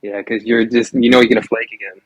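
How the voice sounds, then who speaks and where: A man's voice: mid-range voice, level tone, fast, a little hiss or hum, low-quality recording. A man calling in to a live debate, taunting the host and tacking "bro" onto his lines. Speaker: debate caller.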